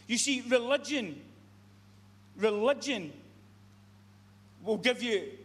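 An earnest man with a high, slightly bright voice delivers a repetitive sermon, frequently tripping over sentences and starting them again. The long reverb of a church hall rings around everything he says.

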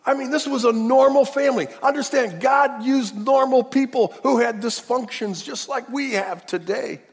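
Middle-aged male pastor, husky, animated sermon storyteller, reverberant hall. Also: very high-pitched, moderate pace. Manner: animated, acts out the scripture story.

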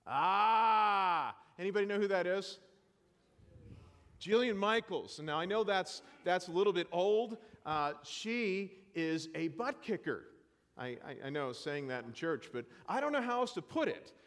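High-voiced joking preacher in a reverberant church. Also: male voice, moderate pace. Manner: animated, joking and self-deprecating. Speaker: pastor. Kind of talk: sermon.

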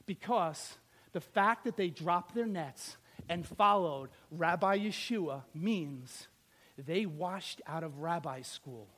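A male pastor preaching an animated sermon, firing rhetorical questions and swinging from loud to soft. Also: a little high, takes it slowly.

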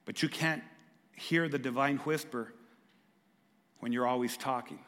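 A pastor preaching a sermon, swinging from raised, emphatic lines to hushed, soft ones. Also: male voice, medium pitch, fairly even intonation, a little slow, long reverb tail.

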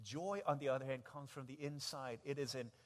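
A man preaching a sermon, telling stories in an animated way and acting out voices, swinging from hushed to loud. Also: medium pitch, fairly quick, big-room sound. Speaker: pastor.

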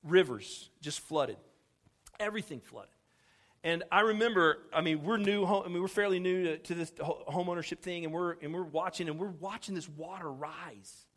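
Animated storytelling pastor, higher voice. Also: male voice, moderate pace. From Houston, Texas. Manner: animated storyteller acting out quoted dialogue, self-deprecating humor. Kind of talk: storytelling sermon.

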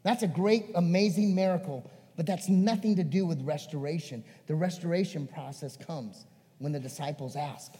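Male pastor, high voice, animated preaching, reverberant hall. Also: moderate pace. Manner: animated, swinging between emphatic and hushed. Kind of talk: sermon.

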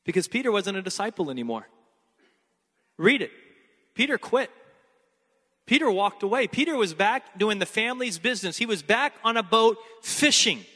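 A man's voice: sits high, very animated, normal speed, long pauses, pushed and bright, in a large hall. A man preaching a sermon as pastor, emphatic and repeating key phrases.

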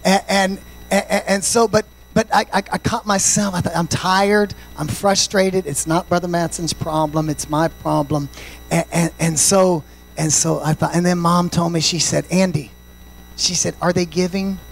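A male pastor preaching a sermon, swinging from shouted, sing-song passages to quiet, confiding stories and dropping in "amen" and "praise God" often. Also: on the high side, fairly even intonation, moderate pace, gravelly, rough recording.

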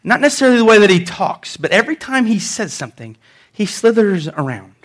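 A man's voice: high-pitched, very animated, fairly quick, a bit bright. A male pastor delivering a sermon in an emphatic, conversational way, repeating words for effect.

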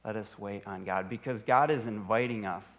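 Pastor, male, thirties, earnest sermon delivery, repeats lines, somewhat low, dull recording. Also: normal speed. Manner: earnest, repeats phrases for emphasis.

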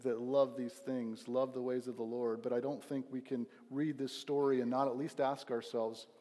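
A man's voice: mid-range voice, little pitch movement, normal speed, warm tone, big-room sound. A young man preaching a sermon at his church, earnest and emphatic, often restarting his phrases. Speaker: pastor.

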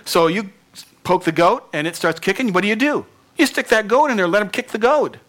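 A male pastor giving an animated sermon, laughing often and sinking to near whispers at times. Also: high voice, a little fast.

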